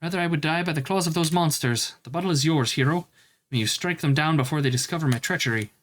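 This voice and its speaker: A man's voice: a little high, fast, close to an everyday voice. A man voicing a guard torn between honor and duty, speaking solemnly in a raised voice.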